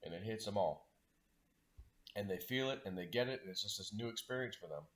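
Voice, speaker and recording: A man's voice: fairly low pitch, expressive, brisk, a bit bright. A man telling a long personal story in a loose, rambling way, full of "like" and "you know". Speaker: spiritual vlogger. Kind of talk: casual storytelling monologue.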